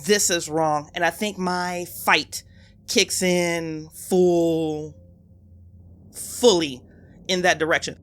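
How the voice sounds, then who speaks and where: A woman player in a tabletop horror game. She describes her character's actions with intensity and vivid detail. Her voice sits on the low side for a woman. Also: steady tone, slow pace, clear, resonant tone.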